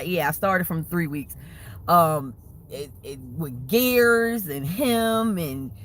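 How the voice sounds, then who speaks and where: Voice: mid-range voice, sharp tone. A livestreamer chatting casually to viewers, rambling and laughing often, with slangy, profane talk. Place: waiting for a food order.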